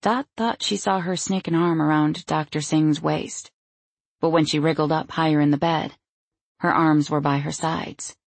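Low, gravelly woman narrating slowly. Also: fairly even intonation, dry recording. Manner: measured storytelling. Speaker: audiobook narrator. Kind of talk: scripted narration.

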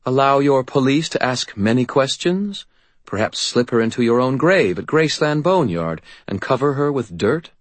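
A man's voice: mid-range voice, animated, moderate pace, no echo, voice pushed up, lightly acted. A man voicing an ancient female fey godmother who speaks formally with a faint menace. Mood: imperious.

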